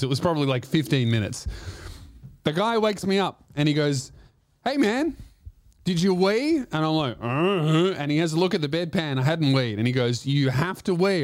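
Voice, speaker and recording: A man spins a profane, rambling comic story, stumbling over restarts as he goes. His voice sits a little high for a man. The recording is dry and close, with no room sound. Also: no room sound. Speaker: comedian and podcast host. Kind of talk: comedic storytelling.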